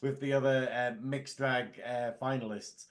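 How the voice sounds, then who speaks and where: A man's voice: mid-range voice, fairly even intonation, measured pace. A man co-hosting a casual comedic review podcast, joking and laughing over a video call. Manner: playful, laughing, slips into mock voices. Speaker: podcast co-host.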